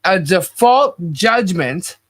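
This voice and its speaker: A man co-hosting a podcast in casual commentary chat, animated and quick with asides. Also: sits high. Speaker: podcast co-host.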